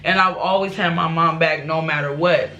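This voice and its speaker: Woman, vlogger, personal storytelling, candid, rambling, bright tense voice, faint background hiss. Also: sits low, fairly even intonation, moderate pace, muffled recording. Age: adult. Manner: candid, rambling with restarts and asides.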